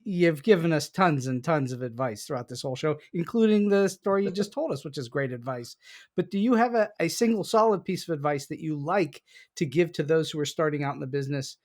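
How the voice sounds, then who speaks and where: A man hosting an interview podcast, talking in a measured, amused way. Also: on the high side, lively intonation. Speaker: podcast host. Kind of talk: interview conversation.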